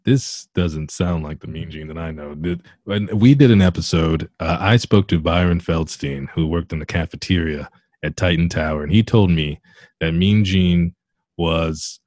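Deadpan male host, low voice, dry close sound, asks earnest questions. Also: moderate pace, dry recording. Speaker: interviewer host.

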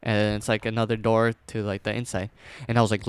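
A young man casually telling a scary personal story, rambling with fillers and restarts, dropping to a hush at tense moments. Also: lowish voice, little pitch movement, fast talker, few pauses, clean tone, dry recording.

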